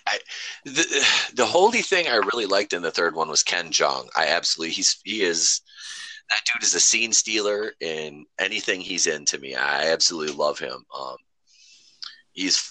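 A man's voice: sits low, no echo. A man rambling and swearing casually as a podcast host. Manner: rambling, profane, animated storytelling. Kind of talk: casual chat.

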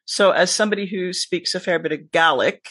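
A podcast guest and teacher with a mostly American accent that has a Scottish tinge, talking in a casual, emphatic way with lively asides. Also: mid-range voice, brisk, slightly rough, no room sound. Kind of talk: casual conversation.

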